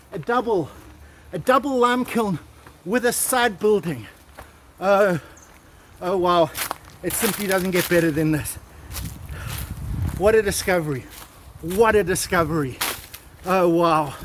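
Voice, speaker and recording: A man hosting a vlog outdoors at old stone ruins, excitedly exclaiming and repeating himself into a handheld camera mic. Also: high voice, a little hiss or hum. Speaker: vlog host exploring ruins. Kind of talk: excited on-the-spot vlogging.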